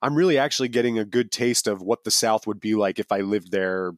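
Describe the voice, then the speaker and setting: A man's voice: on the low side, brisk, no room sound, studio quality. A man co-hosting a podcast in casual chat, rambling with lots of fillers and restarts. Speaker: podcast co-host.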